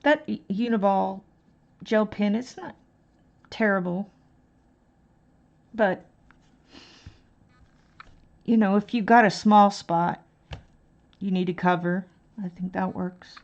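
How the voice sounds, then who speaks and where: A woman's voice: medium pitch, slow pace, long pauses, muffled recording. A woman chatting casually on an art live stream, rambling and thinking aloud as she colors. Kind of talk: casual chat while coloring.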